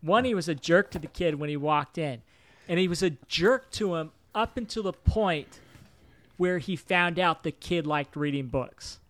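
A man with a high-pitched voice talks in casual podcast chat and acts out lines from the scenes he describes. The recording is dry and close, with no room sound. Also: moderate pace, no echo. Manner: animated, acts out quotes from the film. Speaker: podcast co-host.

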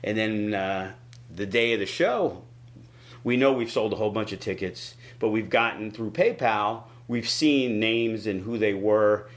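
A wrestling promoter recounts a big wrestling show in a casual interview, taking his time. He's animated, and his pitch jumps up whenever he quotes someone.

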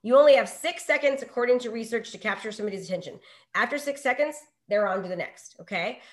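A middle-aged woman coaching real estate agents in a live online session, energetic and full of rhetorical questions and checks of "okay?". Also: on the high side, fast talker.

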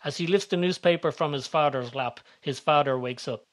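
A man narrating a story in a steady, descriptive reading voice. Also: fairly high pitch, fairly quick.

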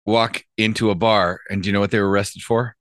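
A man's voice: fairly low pitch, steady tone, a little fast, a bit bright, no room sound, studio quality. A man hosting a podcast in casual chat, telling long jokes with frequent laughter and swearing. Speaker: podcast host.

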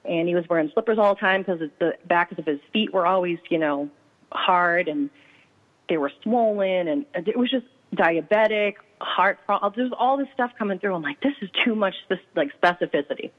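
A woman's voice: lowish voice, moderate pace. A woman, a psychic medium guest, telling a story and acting out the dialogue with quoted voices. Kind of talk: animated storytelling. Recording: tinny phone line.

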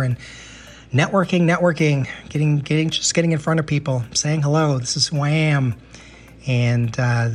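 An American man hosting a casual travel podcast, chatty and enthusiastic, often repeating words as he thinks. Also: fairly high pitch. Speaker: podcast host.

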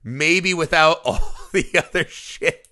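Bright-voiced man telling profane stories. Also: fairly high pitch, slow pace. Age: adult father. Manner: profane, animated storytelling with laughs. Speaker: podcast co-host. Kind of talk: casual movie review chat.

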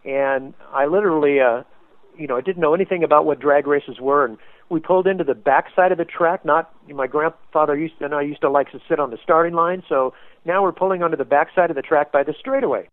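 A man guest telling a story in an animated way, acting out quotes with sudden loud bursts, as a race car paint designer. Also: fairly high pitch, fast talker, no room sound. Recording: tinny phone-like line, dry.

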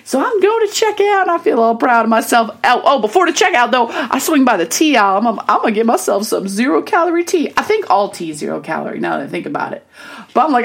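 Animated high-voiced chatty woman. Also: brisk. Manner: animated, chatty storytelling with acted-out self quotes; upbeat, motivational. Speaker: vlogger. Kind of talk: casual monologue to camera.

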